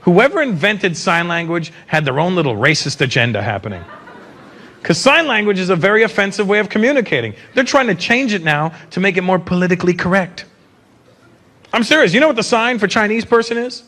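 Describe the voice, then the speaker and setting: A man's voice: sits high, expressive, a little fast, bright, forceful tone. A man in his fifties from Canada doing a brash stand-up set, teasing the crowd and slipping into voices. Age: 50s. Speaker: stand-up comedian. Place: large live venue. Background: faint audience laughter.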